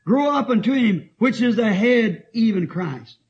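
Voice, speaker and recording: A male preacher with a high, lively voice, swinging up and down as he reads scripture and tells stories. He talks emphatically and laughs easily. The sound is dull and lo-fi, like an old tape. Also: measured pace. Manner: animated, emphatic, often laughing while telling stories. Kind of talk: sermon.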